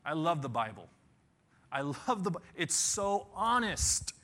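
A man preaching a sermon, telling a Bible story with animated storytelling, sudden shouts and dramatic pauses. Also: a little high. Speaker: pastor.

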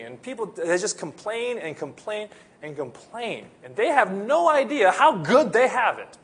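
Husky man preaching. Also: high voice, big pitch swings, a little slow, fairly bright tone. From Philippines. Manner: earnest, conversational preaching. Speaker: pastor. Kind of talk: sermon.

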